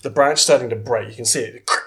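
A man's voice: medium pitch, fast talker, a bit bright. A man narrating a tabletop game as game master, rambling with many fillers.

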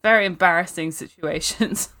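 A woman co-hosting a casual podcast, quick with jokes and giggly. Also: on the low side, sharp tone. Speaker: podcast co-host. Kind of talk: casual chat.

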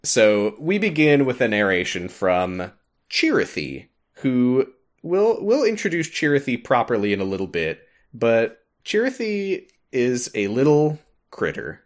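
A man's mid-range voice swoops wildly in pitch as he talks a little slowly. Co-hosting a podcast, he recaps the story of a game in a casual way, full of laughs and filler words.

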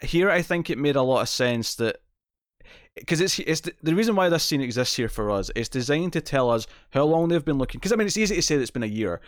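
A man's voice: on the high side, lively intonation, fast talker, no room sound, clean studio sound. A Scottish man co-hosting a podcast, chatting casually and often restarting his sentences. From Scotland. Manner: chatty, self-interrupting, laughs often. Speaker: podcast co-host. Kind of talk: casual chat.

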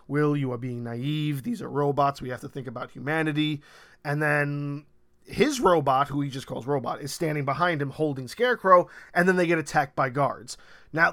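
A man with a somewhat high voice talks through a favorite TV scene. He rambles and gets excited, throwing in casual swears. His tone is loose and unscripted. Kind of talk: casual recap of a TV show.

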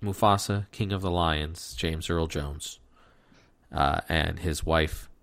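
A man's voice: very deep voice, takes it slowly, gravelly, a bit bright. A man hosting a podcast, giving a rambling, joking recap of a movie plot in casual chat. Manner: jokey, rambling plot recap with silly voices. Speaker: podcast host.

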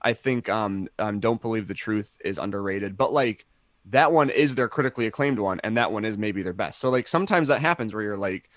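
A man's voice: on the low side, a little fast, fairly bright tone, no echo. A young adult man co-hosting a casual podcast chat, rambling enthusiastically with many fillers and restarts. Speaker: podcast co-host.

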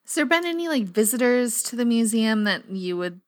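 Woman player asking deadpan questions. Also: fairly high pitch, a little fast. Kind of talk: tabletop role-play.

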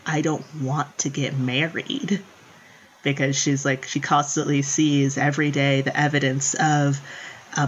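A woman's voice: deep voice, dull audio, a little hiss or hum. A woman chatting casually and animatedly, often acting out quotes and laughing. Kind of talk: casual chat about book adaptations.

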